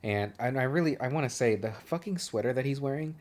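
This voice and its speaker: A man's voice: medium pitch, lively intonation, fast, a little mellow. A man in his thirties from Southern California, co-hosting a podcast in casual chat and joking with plenty of swearing and tangents. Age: 30s. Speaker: podcast co-host.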